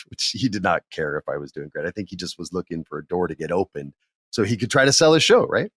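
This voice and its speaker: A middle-aged man hosting a podcast, telling a work story in a candid, animated way and acting out what others said. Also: deep voice, brisk, no echo. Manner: candid, animated, acts out quotes in others' voices. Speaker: podcast host. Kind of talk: casual storytelling monologue.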